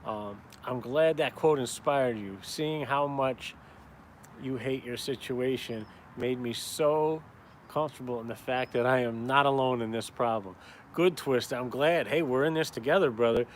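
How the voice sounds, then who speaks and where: A mid-range male voice at a moderate pace comes through with a little hiss or hum. The speaker, an upstate New York caricaturist and vlogger, rambles and swears casually while chatting to viewers on a live stream from outside in a cold town.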